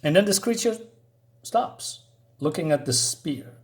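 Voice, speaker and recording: A man's voice: on the high side, animated, unhurried, a little mellow. A man reviewing a comic book in a chatty, casual way, with many fillers and asides.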